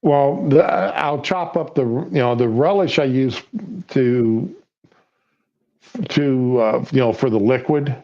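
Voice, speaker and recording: Man, casual co-host, halting and filler-heavy delivery, slightly muffled audio. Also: medium pitch, darkish tone. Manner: hesitant, halting, many fillers. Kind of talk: casual chat.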